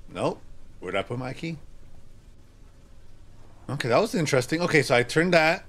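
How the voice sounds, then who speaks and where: A man playing a horror game on his channel, talking to himself and yelping with excitement. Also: mid-range voice. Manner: excitable, yelps and laughs, talks to himself.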